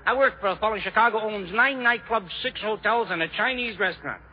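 Stand-up comic guy from ohio, high voice, punchy excitable bits, stumbles and restarts. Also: quick pace, dull audio. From Ohio, USA. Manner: punchy joke delivery, excitable, with many restarts. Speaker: stand-up comedian. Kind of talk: stand-up routine.

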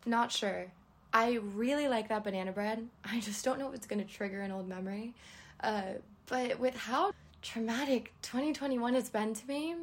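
Chatty young woman, rambling and laughing. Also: fairly high pitch. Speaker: podcast host. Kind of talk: casual solo chat.

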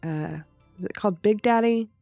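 A woman's voice: mid-range voice, normal speed, vocal fry, warm tone, dry recording, faint music behind. A woman co-hosting a podcast in casual chat. She is easygoing and agreeable and sometimes trips over names. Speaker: podcast co-host.

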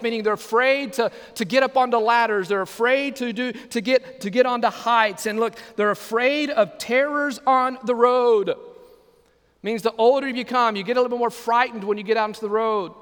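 Male pastor, high voice, playful sermon with questions to the pews, live hall reverb. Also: a bit bright. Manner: humorous, asks the congregation questions. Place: church sanctuary.

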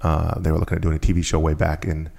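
A man's voice: rumbling low, monotone, fast talker, vocal fry, warm tone. A man who is a guest on a conversational show, telling a story casually and with energy, often restarting and repeating phrases.

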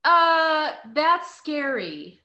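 A woman's voice: sits high, very animated, extremely slow, bright, forceful tone, lo-fi sound. A young woman hosting a podcast, chatting casually, laughing often and swearing now and then. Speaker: podcast host. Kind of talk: casual chat.

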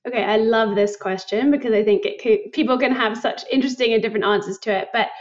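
A young woman from England, her English accent softened by American, chatting upbeat and laughing easily as a podcast guest. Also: fairly high pitch, fairly even intonation, quick pace, highs cut off. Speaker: guest, startup co-founder. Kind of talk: casual interview chat.

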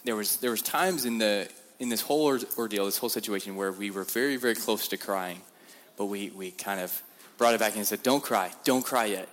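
A young man, a guest speaker, giving a sermon-style testimony in a church, telling his story in an animated way with many repeated words. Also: fairly low pitch. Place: church sanctuary. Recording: reverberant church hall.

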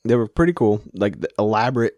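A man's voice: fairly low pitch, animated, fast talker, darkish tone, no echo, studio quality. A man in casual podcast chat, easygoing and agreeable, laughing often as he tells a story.

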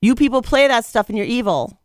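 Casting: female talk-radio co-host, quick mock-outraged comebacks, higher voice, dry studio sound. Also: animated, dry recording. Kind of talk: casual on-air banter.

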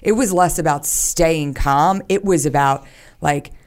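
Female podcast guest with a low voice, candid and open, chats loosely with lots of fillers. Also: measured pace, darkish tone. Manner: candid, talks openly about her anxiety with many fillers. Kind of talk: casual conversation.

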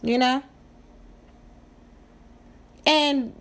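A woman's voice: medium pitch, expressive, slow, vocal fry. A woman hosting a podcast in a casual monologue, profane and emphatic, repeating phrases for effect. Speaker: podcast host.

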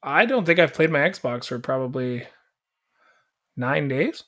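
A man's voice: medium pitch, expressive, a little slow, a bit bright. A man co-hosting a podcast in casual, jokey chat. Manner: easygoing, jokey. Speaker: podcast co-host.

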